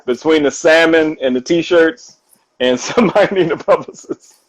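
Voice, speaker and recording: A man talking casually on a live stream as a guest author, animated and quick to laugh, often repeating himself. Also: a little high, a little hiss or hum, low-quality recording. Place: home. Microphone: phone or video call.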